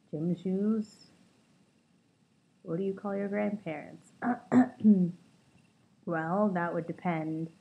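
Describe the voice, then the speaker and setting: A woman of twenty-two from Los Angeles, chatting casually to camera as she reads out prompts and adds dry, self-mocking asides. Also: low voice. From Los Angeles, California. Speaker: vlogger. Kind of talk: casual accent-tag vlog, reading prompts aloud. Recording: tinny phone-like lo-fi sound.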